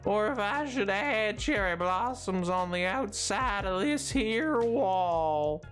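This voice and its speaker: A woman doing a slow, sad cowboy. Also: mid-range voice, animated, soft background music. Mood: mournful. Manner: slow, drawn-out, mournful talk. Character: sad, broke male cowboy with a drawl. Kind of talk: live-stream character voice. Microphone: closer to the mic than usual.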